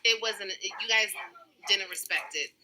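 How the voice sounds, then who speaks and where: A woman's voice: medium pitch, moderate pace, noisy background. A woman ranting on a livestream in a taunting, sarcastic way, full of profanity. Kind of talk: mocking livestream rant.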